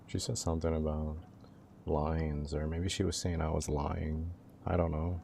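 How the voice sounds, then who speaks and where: A young man chats loosely with his livestream audience in easy slang. His voice sits very low with a heavy rasp of vocal fry. The tone is dark and mellow, with a faint hiss of noise behind it. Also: completely flat delivery, unhurried. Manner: laid-back, slangy, talks to chat. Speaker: live streamer. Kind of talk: casual livestream chat.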